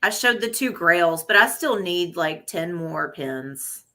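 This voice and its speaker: Female guest, casual easygoing chat, bright and crisp tone. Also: lowish voice, expressive, takes it slowly. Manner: easygoing, agreeable, laughs along. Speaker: guest on a live stream.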